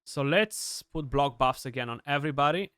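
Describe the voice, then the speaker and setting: Young man, gameplay commentary, bright forceful voice, dry close mic, excitable and chatty. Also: mid-range voice, normal speed, clear, resonant tone, no echo. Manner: chatty, excitable, many restarts and fillers. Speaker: gaming streamer.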